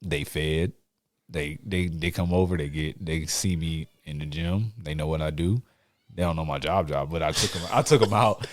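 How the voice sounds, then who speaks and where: A man hosting a casual podcast chat, telling animated stories with frequent laughs and casual swearing. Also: a bass voice, moderate pace, no room sound. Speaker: podcast host.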